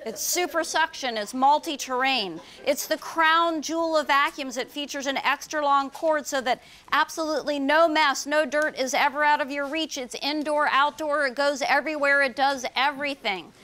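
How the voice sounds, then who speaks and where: A woman's voice: high-pitched, moderate pace, few pauses, bright, forceful tone. A woman voicing a boastful husband who gushes about his new vacuum cleaner like a salesman. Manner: gushing, salesman-like, eager. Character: boastful middle-aged husband selling a vacuum.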